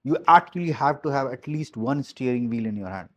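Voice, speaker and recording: With a medium-pitched, expressive voice and a fairly quick pace, a man motivates his team as their business coach. His delivery is emphatic and blunt, with key phrases repeated and some mild cursing.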